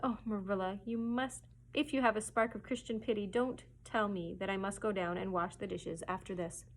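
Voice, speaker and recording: A woman's voice: mid-range voice, steady tone, normal speed, a little hiss or hum, close to an everyday voice. A woman voicing an imaginative, dramatic orphan girl who pleads breathlessly. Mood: despairing.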